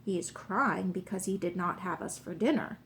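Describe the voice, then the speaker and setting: A woman reading a children's story aloud and voicing a clever, confident male detective who talks briskly and exclaims when he finds a clue. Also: lowish voice, a little hiss or hum, lightly acted. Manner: brisk, sure of himself, exclaims.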